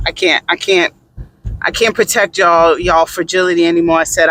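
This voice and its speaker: A man doing sassy, animated gossip commentary in a casual vlog, with dramatic asides. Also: fairly high pitch, normal speed, a little hiss or hum. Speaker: vlogger.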